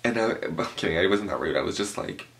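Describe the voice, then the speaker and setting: A young man telling an animated, profane story at home, full of "like" fillers. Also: low-pitched, fast talker. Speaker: vlogger. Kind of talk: storytime vlog. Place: home room with a cloth backdrop.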